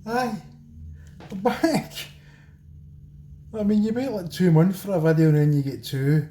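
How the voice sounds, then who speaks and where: Scottish guy doing a cooking vid at home, cheeky and chatty, mellow voice, echoey kitchen. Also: sits high, measured pace. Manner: chatty, cheeky, talks straight to viewers as folks. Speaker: home cooking channel host. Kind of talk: casual cooking demo talk. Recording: roomy echo, faint background noise.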